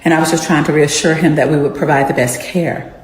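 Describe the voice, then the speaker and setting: A woman's voice: low voice, fairly even intonation, quick pace. Earnest woman telling a story, echoey. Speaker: care facility staff. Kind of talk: storytelling clip. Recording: echoey room with long reverb.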